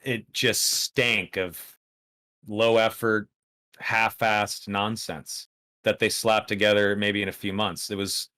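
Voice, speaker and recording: A man's voice: on the low side, little pitch movement, takes it slowly, sharp tone, dry recording, clean studio sound. An American man with a plain General American accent, a podcast guest talking bluntly in casual chat, laughing often and swearing casually. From United States.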